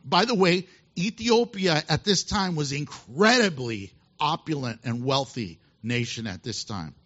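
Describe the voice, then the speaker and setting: A male pastor preaching a sermon, telling a Bible story with animated asides and laughter. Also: a little high, a little slow. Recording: dull lo-fi sound.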